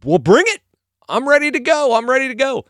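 A man's voice: very high-pitched, big pitch swings, fairly quick, a bit bright, no echo, studio quality, voice pushed up, exaggerated voice. A man doing a cocky young shepherd boy. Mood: indignant. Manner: cocky, casual slang.

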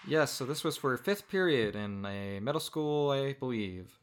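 Wry, relaxed male podcast host. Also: medium pitch, measured pace, over loud music. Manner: relaxed, wry, hesitant with fillers. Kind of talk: casual podcast chat.

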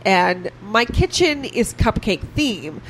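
A woman's voice: mid-range voice, big pitch swings, slow, a little hiss or hum. A woman co-hosting a podcast, chatting in a playful, casual way. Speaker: podcast co-host. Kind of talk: casual chat.

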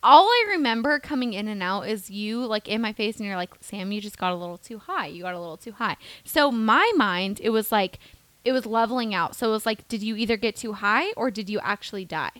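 A woman's voice: mid-range voice, expressive, a little fast, fairly bright tone, no echo. A young woman co-hosting a podcast, animatedly retelling a story in casual chat, swearing freely. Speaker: podcast co-host.

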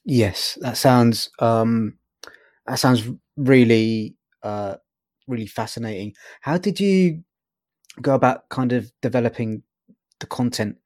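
Male interviewer, hesitant and filler-heavy, mid-pitched, dry close sound. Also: takes it slowly, a little mellow, no room sound. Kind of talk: casual interview chat.

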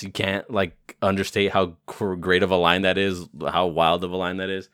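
A man's voice: deep voice, flat delivery, moderate pace, fairly bright tone, clear, resonant tone, no echo, clean studio sound. A young man co-hosting a podcast, chatting casually about a movie, rambling and quoting its lines with a laugh. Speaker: podcast co-host. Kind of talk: casual movie-review chat.

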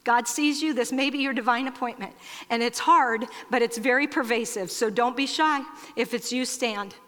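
Bright, lively woman speaking in a church hall. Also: fairly high pitch, normal speed. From Iowa, USA. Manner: lively, chatty, addresses the audience directly. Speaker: speaker at a women's church Christmas gathering. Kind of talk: storytelling talk and prayer to an audience. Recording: long reverb in a large hall.

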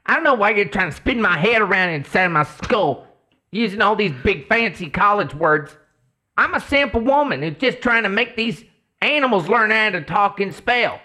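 A woman playing a grumpy, touchy cook who answers in a gruff, huffy, defensive way. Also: medium pitch, lively intonation, moderate pace, pushed and bright.

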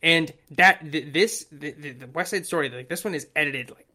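Excitable rambling man, bright voice. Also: a little high, normal speed. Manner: rambling, excitable, lots of fillers and restarts. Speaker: podcast co-host. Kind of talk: casual chat.

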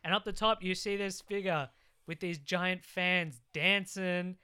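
A man with a high, bright voice recaps a film in casual chat, full of sarcastic asides. His tone is clear and smooth. He sounds like a podcast co-host. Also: steady tone, measured pace.

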